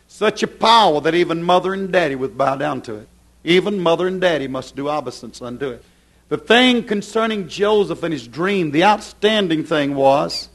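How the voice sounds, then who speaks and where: High-voiced man preaching a fervent sermon. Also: fairly bright tone. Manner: fervent preaching with rising and falling emphasis. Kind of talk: sermon with scripture reading.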